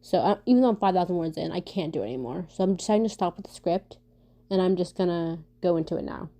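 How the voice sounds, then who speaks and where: Talking fast in a lowish, mellow voice, this woman vlogger rambles casually through viewer questions. Her storytelling is lively but full of stutters, stumbles, fillers and restarts.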